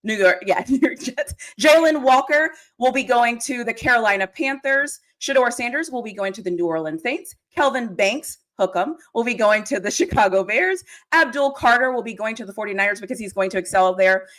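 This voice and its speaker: A British woman with a slightly raised pitch, chatting casually on a livestream. She laughs between words and sounds self-conscious while reading out a list. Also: animated, fairly quick, few pauses, a bit bright. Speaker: guest reading mock draft picks.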